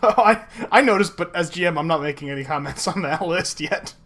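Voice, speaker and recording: A man's voice: a little high, brisk, crowd noise. A man running a tabletop role-playing game as game master, narrating in third person and laughing often.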